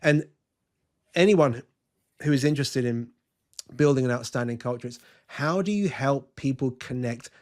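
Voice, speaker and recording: A man's voice: medium pitch, normal speed, pauses often. A man, a podcast guest talking earnestly and telling an anecdote, with frequent restarts. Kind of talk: conversational interview, storytelling.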